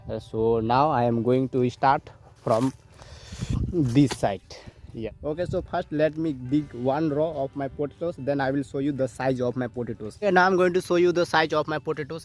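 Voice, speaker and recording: A man's voice: medium pitch, a little mellow. Man vlogging outdoors while working his field. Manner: simple learner's English, repeats "as you can see". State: out of breath at times. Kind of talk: casual vlog narration while farming. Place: outdoors in farm fields and village street.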